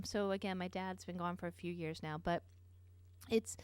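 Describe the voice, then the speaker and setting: A woman's voice: on the low side, fairly even intonation, normal speed, a little mellow, clear, resonant tone, dry recording. A middle-aged woman hosting a nutrition talk show, telling a personal story in an earnest way with many fillers and asides.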